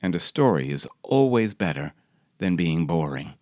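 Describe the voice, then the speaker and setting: Low-voiced man, wry and reflective. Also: big pitch swings, normal speed, a little mellow, no echo, clean studio sound. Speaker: newsletter writer reading his own essay. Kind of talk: personal essay narration.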